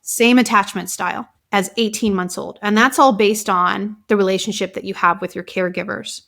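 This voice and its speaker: Chatty woman, lively storytelling. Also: medium pitch, moderate pace, creaky. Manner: animated storytelling, many fillers like "like". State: emotional at times. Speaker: guest, author and somatic practitioner. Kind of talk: casual interview chat.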